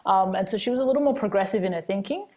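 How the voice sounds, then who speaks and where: Woman, casual podcast chat, candid, animated storytelling. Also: mid-range voice, racing.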